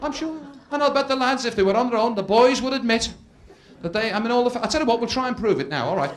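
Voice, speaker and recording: Lively high-voiced male stand-up comedian. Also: fast talker, noisy background. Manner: storytelling, acts out characters in shifting voices. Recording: live show with loud audience laughter. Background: audience laughing.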